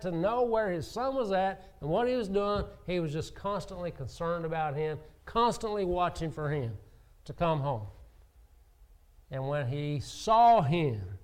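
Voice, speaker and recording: A man delivers a sermon in a slightly higher-than-usual voice. He speaks earnestly, swelling and dropping for emphasis, and acts out the lines he quotes. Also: animated, a little slow, a little mellow, clean tone. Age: adult with children. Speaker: preacher.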